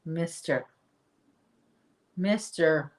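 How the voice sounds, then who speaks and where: A woman's voice: sits low, extremely slow. A woman hosting a crochet livestream, chatting casually with her viewers and answering their comments, often restarting her sentences. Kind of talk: casual live chat while crocheting.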